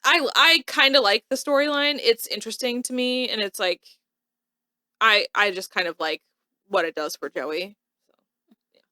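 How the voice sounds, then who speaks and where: A woman co-hosting a show, chatting casually as she recaps an episode with lots of "like" and quick asides. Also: a little high, dry recording. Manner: lively, animated retelling with frequent "like". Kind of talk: casual chat.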